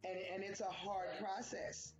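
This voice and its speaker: A woman's voice: medium pitch, a little slow. A woman co-hosting a casual talk about grief, acting out quoted voices as she speaks. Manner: animated, acts out quotes. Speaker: co-host. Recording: echoey room, dull sound, faint music.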